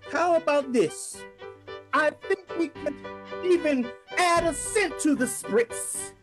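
A woman playing a giddy old-time gentleman. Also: high voice, slow pace. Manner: playful, breaks into song and giggles. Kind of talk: improvised musical comedy scene. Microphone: video call. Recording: music playing under the voice. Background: fiddle music.

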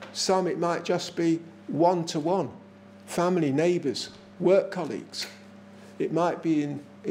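A man's voice: on the high side, darkish tone, slight background noise. A man with an English accent preaching a sermon in a small church, earnest and emphatic, repeating his phrases for effect.

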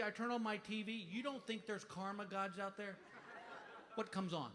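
A man's voice: sits high, a little fast, bright, forceful tone. A man performing stand-up storytelling, animatedly acting out his own panic. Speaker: stand-up comedian. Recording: clip with background noise.

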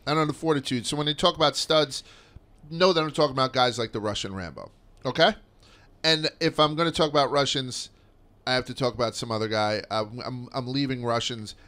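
Podcast host, male, 30s, bright tone, mid pitch, loose and profane storytelling. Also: smooth. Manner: rambling, profane, with lots of fillers. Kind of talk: casual podcast chat.

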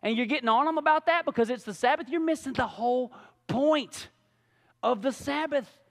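Pastor, male, very high lively voice, casual animated sermon, long church-hall reverb. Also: normal speed, vocal fry. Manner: animated, casual preaching with rhetorical questions. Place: church sanctuary.

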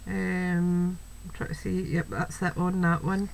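In a lowish, gravelly voice with flat, slightly slow delivery, a Scottish woman shows off a crafting item from her home for a video. She's gushing and sprinkles in plenty of "wee"s and "um"s; a child and faint household noise sit in the background of the rough recording.

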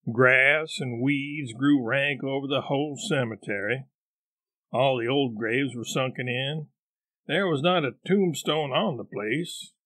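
Slow, deliberate male audiobook narrator. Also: mid-range voice, a bit bright, no room sound. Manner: measured, deliberate storytelling.

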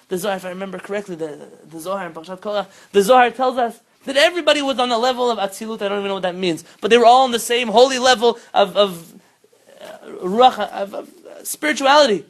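A man, a rabbi, teaching an informal Torah class, telling stories with lively bursts of emphasis and sprinkling Hebrew terms into his English. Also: high-pitched, fast talker, poor audio. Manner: animated storytelling, rising loud when quoting.

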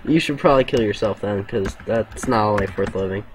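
A young man talking in gaming voice chat, excitable and crude, shouting to his teammates. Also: lowish voice, fairly quick, slight background noise. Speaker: gamer.

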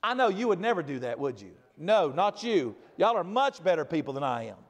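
A man preaching a sermon as pastor, swinging from loud emphatic repetition to quiet asides. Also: on the high side, big pitch swings, a little fast, in a large hall.

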